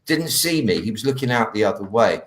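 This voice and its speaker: Give me a deep-ish male guest speaker telling an anecdote with lively, dramatic delivery. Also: a little fast, echoey room. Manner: animated, acts out quoted speech with dropping, hushed tones. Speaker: guest healer. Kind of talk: anecdotal storytelling on a live stream.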